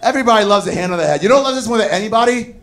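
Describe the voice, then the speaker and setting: A man in his thirties doing a profane stand-up comedy set on a club stage, mocking people with quick impressions. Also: sits high, lively intonation, a bit bright.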